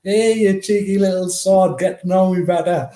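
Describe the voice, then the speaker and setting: A man doing a high, clipped impression of a brusque, loud older football manager. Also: fairly even intonation, normal speed, roomy sound, close to an everyday voice. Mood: mock-stern.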